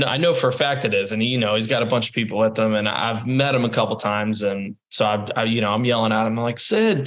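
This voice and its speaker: A man in his thirties, a podcast guest, telling stories in a casual, lively way. He laughs often and repeats words as he goes. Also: fairly low pitch. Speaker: interview guest. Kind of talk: casual storytelling.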